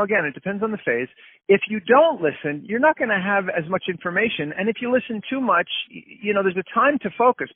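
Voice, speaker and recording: A man's voice: high voice, slightly rough, no room sound. Man explaining over a tinny phone line. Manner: explains with acted-out everyday examples. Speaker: guest. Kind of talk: casual interview talk.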